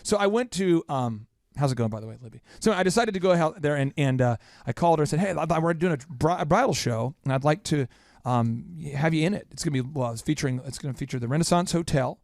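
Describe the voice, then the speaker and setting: A man hosting a podcast, telling a story in a quick, animated, self-mocking way. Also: fairly high pitch, dry recording, clean studio sound. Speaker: podcast host. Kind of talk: storytelling in casual chat.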